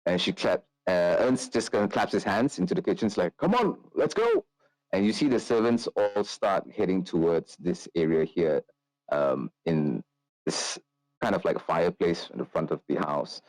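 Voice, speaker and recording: A man with a low, deep voice narrates a tabletop game as game master. He rambles, and his sentences are full of fillers and restarts. His voice is close and dry. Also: normal speed, darkish tone, no echo, poor audio.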